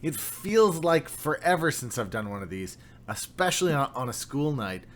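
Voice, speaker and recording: A man's voice: mid-range voice, sing-song, normal speed. Upbeat male livestream host. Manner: upbeat, greets chat viewers by name. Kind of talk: casual livestream chat.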